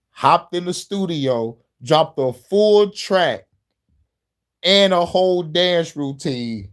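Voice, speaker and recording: A man hosting a casual show, telling profane stories with lots of laughter. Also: a little high. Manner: laughing, animated, profane storytelling. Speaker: host. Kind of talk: casual chat over music.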